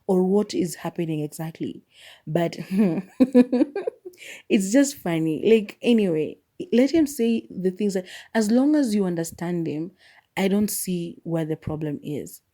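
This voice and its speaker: A woman's voice: fairly low pitch, moderate pace, dark tone. A woman hosting her own podcast, musing in a casual, rambling way with frequent fillers and laughter. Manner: chatty, rambling, laughs often, many fillers. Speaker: podcast host.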